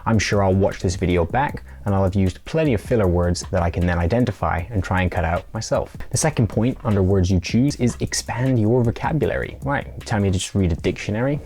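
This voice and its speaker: A man's voice: sits low, a little fast, few pauses, a little mellow, slight background noise. A man presenting a scripted tutorial in a playful way, now and then acting out little mock conversations. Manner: playful, acts out mock dialogue.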